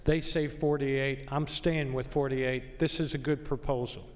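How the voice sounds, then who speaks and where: A man's voice: medium pitch, level tone, unhurried. A man who is a senator, giving a plain-spoken, firm floor speech in a legislature. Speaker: state senator. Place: large legislative chamber. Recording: long reverb of a chamber.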